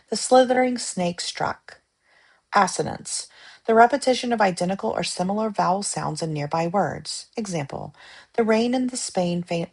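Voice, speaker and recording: A woman reading study-guide definitions aloud in a measured, list-like way, pausing between terms. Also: lowish voice, gravelly, husky.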